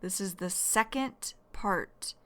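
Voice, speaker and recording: A woman teaching English vocabulary slowly and clearly, repeating each new word. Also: medium pitch, pushed and bright. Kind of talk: slow vocabulary lesson.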